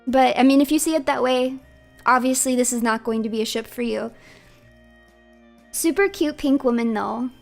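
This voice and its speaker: She is a chatty woman streamer with a high, bright voice, playful and quick to laugh. Soft music plays under her casual livestream talk. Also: creaky.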